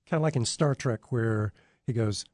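A man's voice: mid-range voice, normal speed, a little mellow, dry recording. A man in casual radio banter, easygoing and often chuckling.

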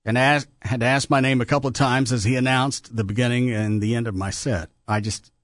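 A man's voice: medium pitch, a little fast, no echo. A man hosting a radio show, telling stories in casual studio banter and laughing often. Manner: animated, laughing storyteller.

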